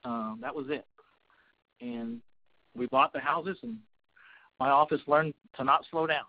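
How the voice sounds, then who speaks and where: A man's voice: on the high side, big pitch swings, a little slow, creaky, dull audio. A man who coaches real estate investors, talking in a folksy storytelling manner as a guest on a webinar. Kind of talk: webinar talk.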